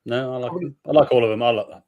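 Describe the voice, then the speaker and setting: A British man chats casually on a beer live stream. His talk rambles and his lines often trail off quietly in a self-deprecating way. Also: mid-range voice, racing, phone-quality sound. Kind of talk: casual chat.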